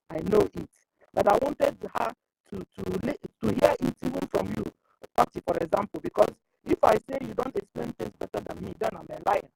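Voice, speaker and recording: A woman's voice: medium pitch, creaky, a little mellow, no room sound, low-quality recording. A woman speaking on an online group call, rambling and repeating "you understand?". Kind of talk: emotional call-in speech.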